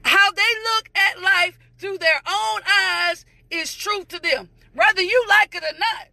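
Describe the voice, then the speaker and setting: Very high, gravelly preacher voice. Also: unhurried, bright, forceful tone, dry recording. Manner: repetitive, emphatic phrasing with sing-song cadences. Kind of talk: morning devotional sermon, greeting viewers by name.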